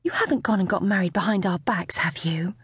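A bewildered, fretful middle-aged mother, as a woman reader puts her on. She fires off worried questions with lively pitch swings. The storybook recording is close and dry. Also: normal speed, no room sound. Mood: anxious.

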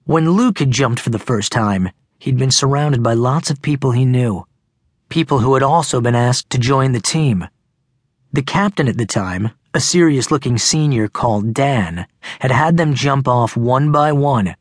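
A man reading a teen novel aloud in steady, measured narration. His mid-pitched voice is husky and a little breathy. It is recorded close in a dead booth with no room sound. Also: dry recording. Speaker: audiobook narrator. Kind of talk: scripted narration. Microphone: close studio mic.

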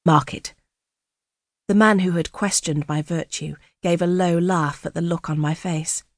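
Low-voiced woman reading an audiobook. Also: fairly even intonation, no echo, studio quality. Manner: measured, quietly dramatic first-person reading. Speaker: audiobook narrator. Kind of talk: scripted narration.

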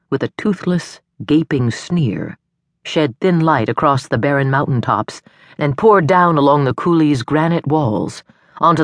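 A woman narrating a suspense audiobook in a measured, expressive storytelling manner, recorded on a studio microphone. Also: low voice, no echo.

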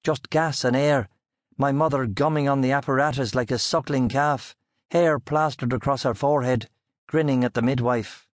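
A man giving measured, scripted audiobook narration into a close studio mic. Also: mid-range voice, fairly even intonation, no room sound.

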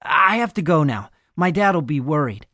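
A man's voice: on the high side, very animated, moderate pace, sharp tone, no room sound, studio quality, pitched above the performer's own voice, full character voice. A man voicing a frightened skinny teenage boy in an audiobook, pleading in a panicky way.

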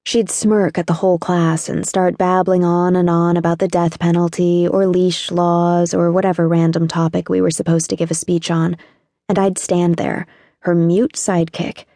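A woman's voice: fairly low pitch, flat delivery, normal speed, warm tone, dry recording, clean studio sound. A woman narrating an audiobook in the first person, in a wry, sardonic teenage voice.

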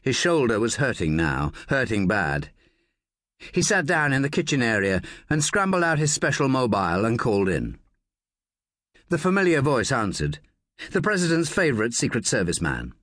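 A man narrating a thriller audiobook in a measured, expressive storytelling manner on a close studio mic. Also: medium pitch, no room sound.

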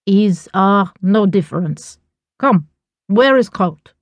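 A woman's voice: medium pitch, expressive, unhurried, no room sound, highs cut off. A woman voicing a glamorous, scheming Russian mother with a Russian accent who speaks broken English in a commanding way. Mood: bossy.

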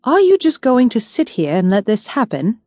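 A woman voicing an indignant young nobleman who presses his cousin in a forceful, urgent voice. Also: fairly high pitch, sing-song, normal speed, dry recording, studio quality, pitched above the performer's own voice.

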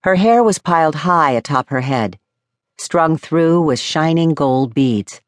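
A woman narrating an audiobook with measured, expressive storytelling. Her pitch moves in a lively way, and the close studio sound is very dry. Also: no echo. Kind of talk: scripted narration.

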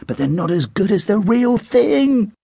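Guy putting on an eager little boy, high and bouncy, super dry sound. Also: big pitch swings, unhurried, creaky, slightly rough, no echo, full character voice. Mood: excited. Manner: bright and enthusiastic. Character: excitable young boy, eager and curious.

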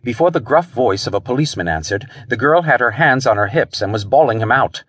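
A man's voice: medium pitch, animated, a little fast, fairly bright tone, husky, no echo. A man narrating a pulp thriller audiobook in a dramatic storytelling style.

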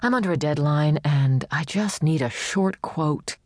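A woman's voice: low voice, animated, measured pace, darkish tone, no echo, studio quality. A woman voicing a scruffy, pushy female newspaper reporter who talks cheekily.

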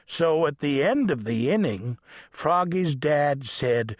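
A man narrating a children's picture book audiobook in an animated, playful read-aloud manner. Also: on the high side, takes it slowly, no room sound, clean studio sound.

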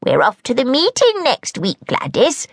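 A woman's voice: sits high, huge pitch swings, moderate pace, slightly rough, dry recording, clean studio sound, pitched above the performer's own voice, exaggerated voice. A woman voicing a fussy, kindly hag who is chatty and easily cross, in a storybook reading. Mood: cheerful. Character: fussy middle-aged female hag, kindly witch. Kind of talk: audiobook character voice.

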